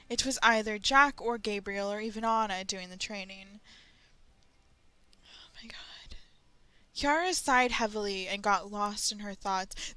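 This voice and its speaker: A woman's voice: mid-range voice, bright, forceful tone. A young woman hosting a fan fiction reading, mixing the story with laughing, swearing, sarcastic asides. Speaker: fan fiction reader and host. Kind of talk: dramatic reading with comic asides.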